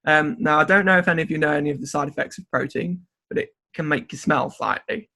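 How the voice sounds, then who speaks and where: A young man chats casually as a youth leader, his voice bright with a slightly husky edge. He tells stories animatedly, laughing through them. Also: a little high, quick pace. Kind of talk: casual chat.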